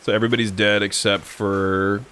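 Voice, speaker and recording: A man's voice: lowish voice, flat delivery, moderate pace, a bit bright, a little hiss or hum. A man casually chatting and joking on a live stream while playing a game, sometimes breaking into song. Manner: joking, sings song snippets.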